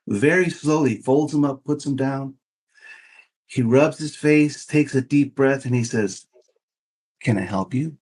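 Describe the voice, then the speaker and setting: Man in his 50s spinning a story on a podcast, animated, does little voices for the people in it. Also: medium pitch, a little slow. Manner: animated, acts out quoted voices. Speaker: podcast guest. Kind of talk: casual storytelling.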